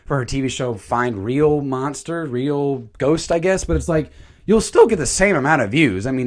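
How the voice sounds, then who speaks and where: A man reviewing a movie in a casual, jokey commentary. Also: medium pitch. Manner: animated, jokey, slips into silly voices.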